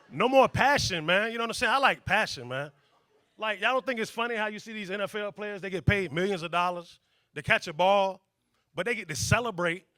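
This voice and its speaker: Stand-up comic, man, high and bright, animated, playing characters on a club stage. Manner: loud, animated, acts out characters. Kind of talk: stand-up comedy set. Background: audience laughter.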